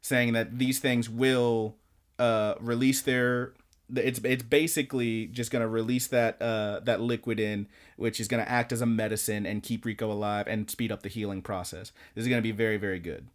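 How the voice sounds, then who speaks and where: A man's voice: lowish voice, normal speed. Man recapping an anime, rambling. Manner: rambling, animated retelling with quoted lines. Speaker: podcast co-host. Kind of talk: casual episode recap.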